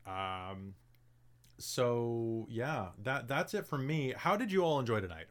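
A man's voice: mid-range voice, expressive, takes it slowly. A man acting as game master and host, chatting loosely and joking with players and viewers after a tabletop game. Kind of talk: casual post-game stream chat.

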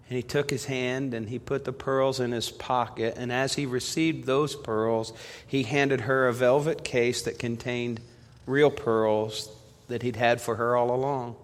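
A man preaching a sermon as pastor, telling stories and swinging from loud emphasis to hushed appeals. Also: mid-range voice, fairly even intonation, a little slow. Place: church sanctuary. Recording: long reverb of a church hall.

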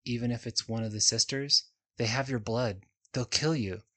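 A man reading the lines of a haunted young woman who speaks quietly and flatly in a fantasy story. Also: medium pitch, normal speed, close to an everyday voice. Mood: worried. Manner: quiet, flat, subdued. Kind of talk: storybook character voice.

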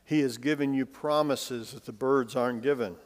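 A male pastor giving a sermon in a conversational way with light humor, swinging between emphatic lines and hushed, soft ones. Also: medium pitch, fairly even intonation, normal speed. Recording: long reverb, as in a hall.

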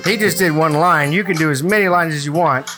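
A man's voice: a little high, brisk, over music. A man hosting a casual comedy podcast, joking and steering the segments. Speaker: podcast host. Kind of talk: casual banter.

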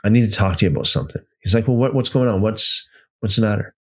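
Fast and expressive, with a breathy edge to his fairly low voice, a livestream host teaches casually, telling a story in fits and starts. Afterward he reads viewers' live chat comments aloud and replies to them.

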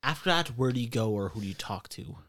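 A man running a tabletop role-playing game as game master, explaining the rules in a relaxed way with fillers. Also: mid-range voice, quick pace, no echo, clean studio sound.

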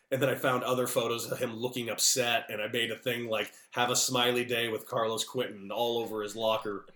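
A man, a former baseball player, telling lively stories as a podcast guest over a remote call. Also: mid-range voice, roomy sound. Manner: animated, lively storyteller with big outbursts. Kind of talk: casual storytelling.

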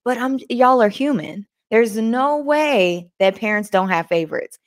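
A woman's voice: on the high side, a little slow. Woman, host, casual motivational chat, folksy, laughs often, reads from a book. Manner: chatty, folksy, addresses viewers as y'all, laughs often; reads aloud from a book between comments. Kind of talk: casual motivational talk to a live audience.

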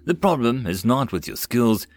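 A man voicing a calm, confident young male lord who speaks directly. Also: medium pitch, normal speed, no room sound, close to an everyday voice.

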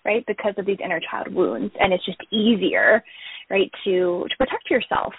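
A woman therapist calmly explaining her work in a podcast interview, often saying "you know". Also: medium pitch, normal speed, husky, no echo. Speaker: therapist guest. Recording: tinny phone-line audio.

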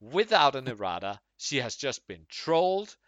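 A man putting on the voice of a passionate, worked-up man who rants and calls everyone to take up pitchforks. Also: sing-song, normal speed, a bit bright, dry recording, muffled recording. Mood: indignant. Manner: passionate, rising indignation. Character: fired-up adult man ranting, calling folks to arms.

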